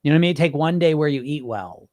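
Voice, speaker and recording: A man's voice: on the high side, fast talker, dry recording. A man hosting a weight-loss podcast, answering viewer comments in a casual, rambling way with plenty of swearing. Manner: animated, profane, rambling.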